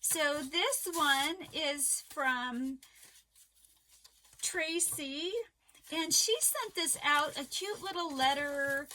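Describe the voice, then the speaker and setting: Casting note: middle-aged woman, home crochet vlogger, slow unhurried delivery, voice wearing thin, halting and teary. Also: sits high, pushed and bright. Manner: halting, emotional, many fillers and restarts. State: losing her voice. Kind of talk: casual chat to camera.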